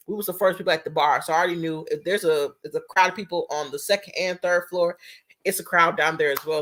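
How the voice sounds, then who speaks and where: A young woman, telling a casual storytime story in an animated, profane, chatty way. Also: lowish voice.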